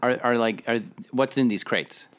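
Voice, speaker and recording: A man's voice: medium pitch, normal speed, a bit bright, clear, resonant tone. A man playing in a casual tabletop game session, laughing as he talks and stumbling over his words. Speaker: player.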